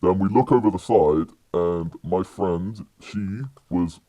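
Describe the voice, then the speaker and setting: Very deep-voiced young British man. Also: takes it slowly, dark tone, dry recording. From United Kingdom. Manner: rambling, with many fillers and restarts. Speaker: podcast guest. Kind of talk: casual storytelling.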